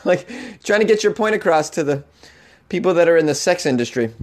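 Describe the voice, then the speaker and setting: A man's voice: fairly high pitch, sing-song, brisk. Sarcastic man with a Boston accent. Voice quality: sarcastic, mock-outraged, laughs at own jokes. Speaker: comedian podcast host. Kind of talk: comedic news commentary.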